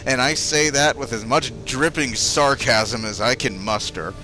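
A man's voice: medium pitch, unhurried, few pauses, bright, forceful tone, faint music behind. A young man commentating as he plays a video game, sarcastic and exasperated, swearing freely. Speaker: gaming video host. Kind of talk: let's play commentary.

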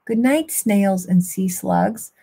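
A woman's voice: mid-range voice, takes it slowly, gravelly, warm tone, breathy edge, full character voice. A woman voicing a sweet young sea otter pup in a bedtime storybook, calling out sing-song goodnights. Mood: eager.

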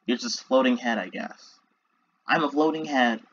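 A man's voice: medium pitch, normal speed, a bit bright, lo-fi sound, slight background noise. A young man giving casual let's play commentary, reacting to the game with joking asides. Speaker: gameplay commentator.

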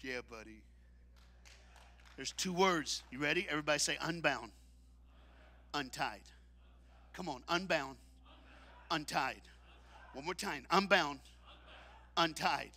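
Man, preacher, high pitched, piercing bright tone, call-and-response sermon. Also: slow, long pauses. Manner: dramatic, swings from shouting to hushed. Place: church auditorium.

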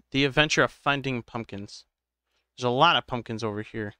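A man live-streaming a game, chatting casually with viewers in a slow, drowsy, rambling way because he is tired. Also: medium pitch, pushed and bright, clean tone, no room sound, studio quality. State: tired, medicated.

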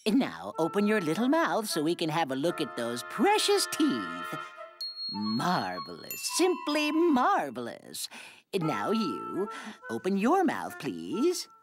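A woman's voice: sits low, wildly swooping pitch, slow, over music, full character voice. A woman voicing a prim, fussy cartoon dog-show judge with a pompous, genteel manner. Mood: admiring. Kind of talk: cartoon voice acting.

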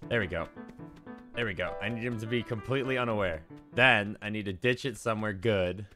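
A young man giving casual, profanity-laced commentary while playing a game, with lively stretches of storytelling. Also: lowish voice, brisk, faint music behind. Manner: swearing, animated storytelling. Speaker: streamer.

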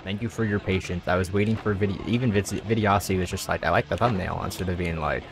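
A man's voice: sits low, fairly even intonation, fast talker. A man streaming and chatting with viewers, joking and mocking himself, often laughing. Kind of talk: casual live-stream chat. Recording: music playing behind. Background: music.

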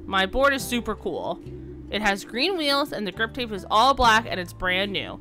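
A woman's voice: mid-range voice, lively intonation, normal speed, sharp tone, soft background music. A woman voicing a young girl patient who eagerly rambles about her skateboard and what happened at the skate park.

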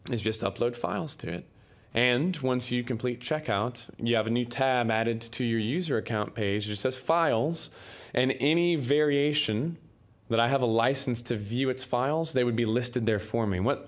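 A man explains software features to a conference audience in a loose, conversational way. His voice sits at an ordinary middle pitch, and he talks with plenty of fillers and restarts. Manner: casual, many fillers and restarts. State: coughing, throat irritation. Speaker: conference speaker. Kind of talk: technical conference talk. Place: conference room.

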